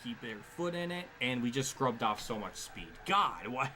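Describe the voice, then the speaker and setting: A man's voice: medium pitch, sing-song, moderate pace, few pauses, background noise. A male streamer giving live gameplay commentary, frustrated, swearing and sighing often.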